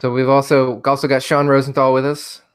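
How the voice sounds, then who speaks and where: A man's voice: mid-range voice, monotone, brisk, smooth. A man hosting a casual podcast chat, easygoing and steering the talk between guests. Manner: easygoing, leads the segments. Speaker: podcast host.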